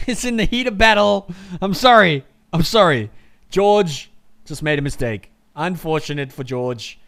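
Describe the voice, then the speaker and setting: A man streaming a live race watchalong, reacting with heated, profane ranting that drops into low muttering. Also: lively intonation, a little slow, a bit bright.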